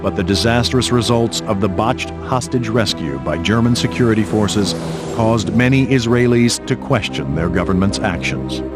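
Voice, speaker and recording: Grave male documentary narrator. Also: on the low side. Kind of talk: scripted narration.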